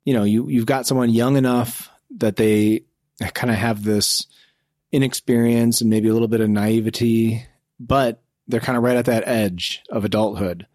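A man co-hosting a casual podcast about movies, talking in a relaxed, matter-of-fact way. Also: mid-range voice, normal speed, dry recording, clean studio sound. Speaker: podcast co-host.

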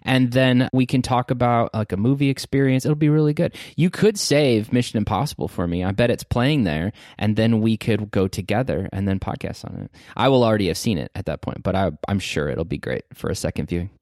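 A man's voice: fairly low pitch, a little fast, hardly any pauses, darkish tone, no room sound, clean studio sound. A man co-hosting a podcast, chatting casually and enthusiastically about movies and shows. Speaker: podcast co-host.

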